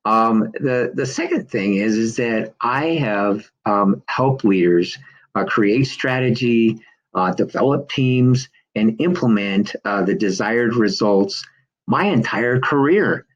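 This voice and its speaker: A middle-aged man with a lowish voice tells a story at an easy pace, filling gaps with "uh" and small laughs. The recording sounds muffled and dull. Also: slow pace. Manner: relaxed storytelling with frequent fillers and chuckles. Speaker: business coach. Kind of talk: personal story and pitch to camera.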